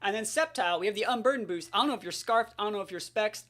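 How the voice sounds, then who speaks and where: Man, game caster type, hyped slangy play-by-play, lively swinging pitch. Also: very fast, hardly any pauses. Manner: hyped, slangy trash talk. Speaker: competitive game player. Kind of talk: live gameplay commentary.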